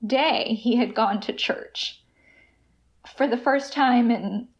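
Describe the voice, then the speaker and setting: A woman telling her personal recovery story as a podcast guest, emotional and halting, with restarts. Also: a little high, highs cut off.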